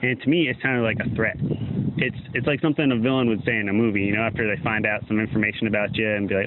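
A man's voice: on the low side, fairly even intonation, quick pace. A man from Georgia calling in to a podcast, rambling in a riled-up way. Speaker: caller. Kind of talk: phoned-in voicemail. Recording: tinny phone line, faint hiss.

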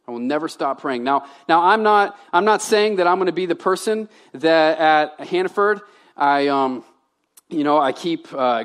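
A male pastor in his thirties, from Louisiana, delivers a sermon in a conversational style. His voice sits a little high for a man. He moves between loud, emphatic lines and quiet, softer asides.

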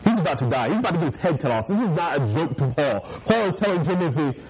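A man's voice: on the high side, very animated, quick pace, few pauses, darkish tone, poor audio. A man preaching a casual, joking sermon to a youth group, often mimicking people and laughing along with his listeners. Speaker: youth pastor.

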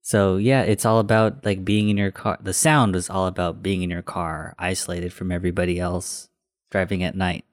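Guy with a lowish voice, laid back podcast cohost, dry sound. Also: steady tone, normal speed, no room sound. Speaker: podcast co-host. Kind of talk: casual movie podcast chat.

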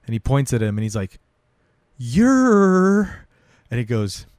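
A man's voice: fairly low pitch, fairly even intonation, fast, warm tone, no room sound, studio quality. A man in casual chat recapping a TV episode, quoting scenes in a laid-back way with lots of fillers.

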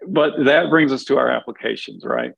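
A man with a deeply gravelly, creaky voice talks through a Bible passage for a podcast. He is earnest and conversational, circling back and restarting as he reaches for the right words. The sound is dry and a little dull, as if heard through a modest microphone. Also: huge pitch swings, normal speed, a bit bright, dry recording. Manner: earnest, thinks aloud with many restarts and fillers. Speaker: podcast co-host.

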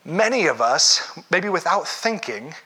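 A man preaching a sermon as a pastor, talking it through conversationally with rhetorical questions and quick restarts. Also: fairly high pitch, big pitch swings, bright, forceful tone, slightly rough.

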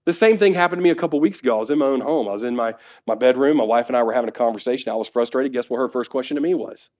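A man who is a pastor, preaching a sermon that swings between emphatic exhortation and soft, conversational asides. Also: mid-range voice, rapid-fire.

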